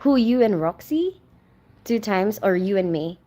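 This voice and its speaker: A woman's voice: mid-range voice, lively intonation, a little slow, dark tone. Friendly woman livestreaming, reads out chat comments, says um and like a lot. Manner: chatty and friendly, greets viewers by name, many fillers. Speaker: livestream host. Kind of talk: casual live chat, reading viewer comments aloud.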